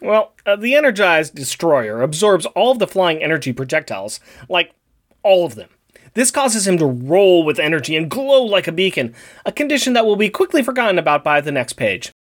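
A man co-hosting a casual comic podcast, teasing and quick to jump in with corrections. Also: high voice, sing-song. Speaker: podcast co-host. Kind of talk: casual comic book recap.

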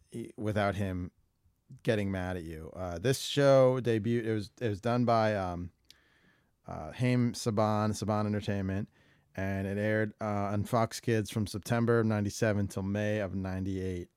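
Low-voiced man in dry casual chat. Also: steady tone, normal speed, darkish tone, clear, resonant tone, no room sound. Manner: rambling, jokey, trails off. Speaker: podcast co-host.

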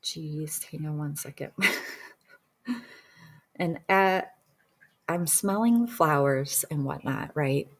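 A woman with a slightly low voice tells a personal story in a loose, chatty way. Her talk is full of "like" and small restarts. She is a past-life regression practitioner sharing her own experience. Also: slow, long pauses. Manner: chatty, many "like" fillers, acts out quoted dialogue.

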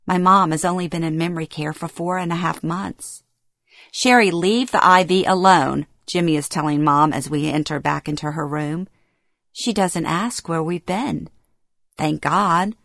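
Reading from her memoir in the first person, a middle-aged woman tells her story in the present tense and performs the dialogue with feeling. Her deep, creaky voice is a bit bright, with fairly even intonation and normal speed. The recording is dry, with clean studio sound.

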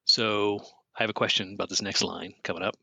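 Man, casual film-commentary chat, very deep pitch, husky edge. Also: steady tone, fairly quick, sharp tone, dry recording. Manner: enthusiastic, theorizing, laughs often. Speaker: podcast co-host.

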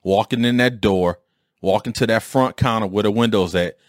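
A man in his forties or fifties from Detroit, telling a casual story on his own podcast with an animated, streetwise delivery and mild swearing. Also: on the low side, moderate pace, dry recording, clean studio sound. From Detroit, USA. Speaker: podcast host.

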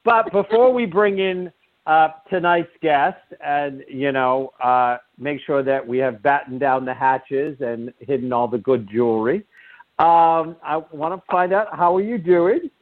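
Joking radio host on a tinny line. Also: male voice, a little high, steady tone, measured pace, no room sound. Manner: joking, rambling, with many fillers. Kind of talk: live call-in radio chat.

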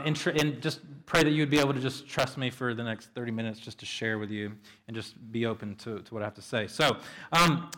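A man's voice: on the high side, pushed and bright, low-quality recording. A man preaching an Easter sermon as pastor in a church, casual and chatty with lots of fillers and restarts. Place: church sanctuary.

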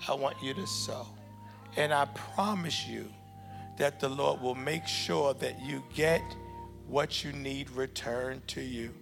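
A man preaching in a church, leading a loud, chanting prayer with call-and-response before an offering appeal. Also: medium pitch, slow, vocal fry, in a large hall. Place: church sanctuary with congregation. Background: church music playing.

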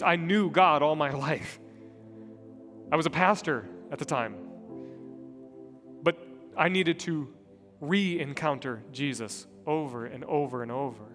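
Earnest man preaching in an echoing hall. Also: medium pitch. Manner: earnest, personal storytelling with shifts between soft and loud. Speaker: pastor. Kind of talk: sermon. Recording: long hall reverb.

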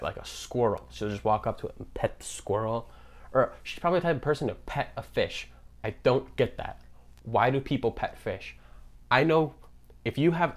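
A young man hosting a podcast in a sarcastic, ranting comedic monologue. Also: medium pitch. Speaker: podcast host.

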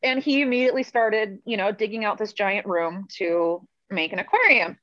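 A woman's voice: mid-range voice, moderate pace, fairly bright tone, no echo. Chatty woman on a muffled call. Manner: chatty, rambling, self-amused. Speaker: podcast guest. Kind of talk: casual storytelling over a video call. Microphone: video call.

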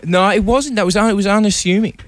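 Fast-talking young man, rambling radio banter. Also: sits high, no echo. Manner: rapid, rambling storyteller with restarts. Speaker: radio co-host.

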